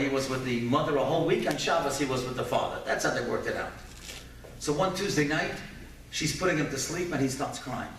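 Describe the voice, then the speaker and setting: A man, a rabbi and keynote speaker, giving a lecture with personal stories, animated, then dropping to hushed tones for sad parts. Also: mid-range voice. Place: large event hall. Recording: echoey hall from far off, faint noise.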